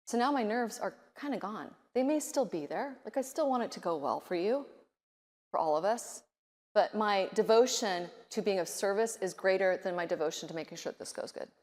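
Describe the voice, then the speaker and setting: A middle-aged woman giving a conference keynote speech, animated, often acting out nervous inner voices. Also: medium pitch, normal speed. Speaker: keynote speaker. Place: large conference hall. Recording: reverberant conference hall.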